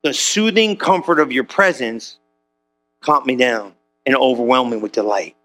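A male pastor preaching an animated, conversational sermon in church, slangy and joking with the congregation. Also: medium pitch, moderate pace, faint music behind.

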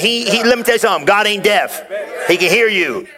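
High, bright-voiced joking preacher man. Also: a little fast. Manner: energetic, joking preacher who shouts out punchlines; folksy, conversational delivery. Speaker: pastor. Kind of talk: sermon.

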